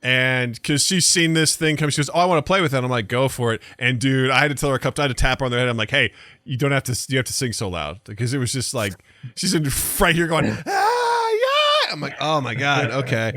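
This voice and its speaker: A middle-aged man on a podcast, telling animated stories and acting out quotes in casual chat. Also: mid-range voice, quick pace, dry recording, studio quality. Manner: animated storytelling, acts out quotes. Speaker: podcast guest, filmmaker.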